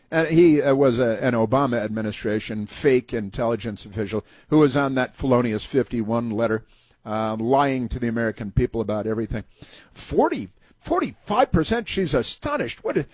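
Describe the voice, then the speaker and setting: A man's voice: mid-range voice, darkish tone, husky, dry recording. A man hosting a political talk radio show, sarcastic and mocking, rambling with many fillers and restarts.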